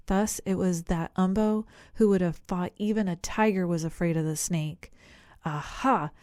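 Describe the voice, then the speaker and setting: A woman narrating an animal storybook in a gentle, clear reading voice. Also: lowish voice, steady tone, moderate pace, no echo, clean studio sound. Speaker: audiobook narrator.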